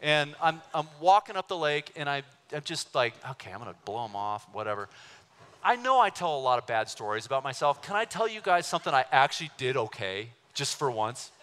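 A man preaching a sermon, telling a personal story in an animated way and acting out the voices of people he quotes. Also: on the high side, fairly quick, hardly any pauses, clean tone. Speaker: pastor. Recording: long hall reverb.

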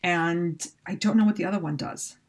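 A woman co-hosting a podcast, calmly explaining points from a book in casual chat. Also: fairly low pitch, normal speed. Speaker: podcast co-host.

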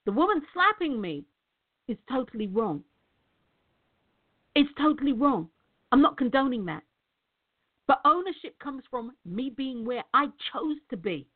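Emphatic middle-aged woman, motivational speaker, high voice, repetitive, tinny phone-quality audio. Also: very animated, unhurried, long pauses. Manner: emphatic, repeats words, addresses viewers as guys. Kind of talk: direct-to-camera motivational talk.

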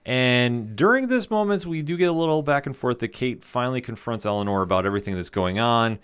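A man's voice: mid-range voice, lively intonation, fairly quick, fairly bright tone, clean tone. A man co-hosting a podcast, retelling an episode in casual, enthusiastic chat with lots of fillers. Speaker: podcast co-host.

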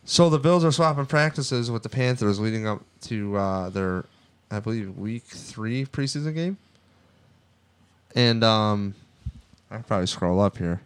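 A man's voice: lowish voice, a little slow, clear, resonant tone. A man co-hosting a casual sports podcast, rambling and swearing a lot as he gets worked up. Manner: profane, rambling, excitable. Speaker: podcast co-host.

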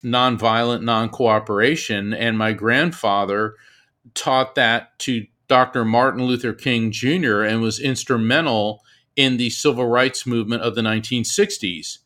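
A man, a medium, telling stories as a guest in an interview, animated and often repeating himself. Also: mid-range voice, unhurried. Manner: animated storyteller, repeats words, laughs often. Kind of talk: storytelling in an interview.

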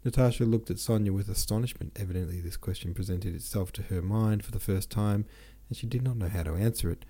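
A man narrating a classic novel as an audiobook, reading steadily and dropping low on dialogue tags. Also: fast talker, few pauses, mellow, slightly rough.

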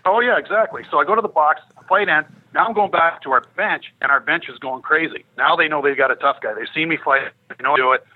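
A middle-aged man telling a lively hockey story on a podcast, laughing and acting out what people said. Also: a little high, fast talker, few pauses, breathy edge, narrow, tinny audio. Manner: animated, laughing, acting out quotes. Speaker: guest storyteller, former hockey player.

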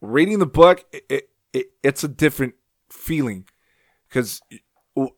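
A man's voice: mid-range voice, animated, a little slow, creaky, no echo, clean studio sound. A man co-hosting a podcast in casual chat, blunt and swearing, with stammering restarts. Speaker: podcast co-host.

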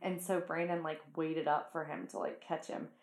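A woman hosting a casual chat, talking freely with lots of "like"s and quick laughs. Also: deep voice, gravelly, darkish tone, roomy sound. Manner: chatty, full of "like" and quick laughs.

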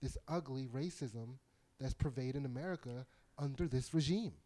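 Male co-host, mid-pitched, rambling casual talker who laughs a lot. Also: moderate pace, mellow. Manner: rambling, heavy on "like" fillers, laughs often. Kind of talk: casual chat.

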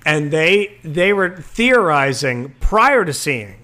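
Slow and sing-song, a slightly high male voice with a bright, forceful tone tells profane stories on a podcast. He co-hosts, laughing and swearing his way through crude casual conversation.

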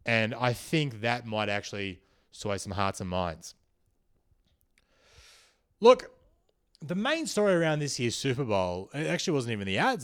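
Young male comic host, riffing satirical monologue, mid-pitched voice, loose rambling delivery with loud jumps. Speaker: comedy podcast host.

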